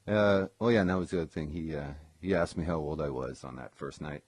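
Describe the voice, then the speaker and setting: A man's voice: rumbling low, quick pace, breathy edge, no room sound. A man, a former session guitarist, telling a personal story in a casual live stream, rambling with lots of ums and self-corrections.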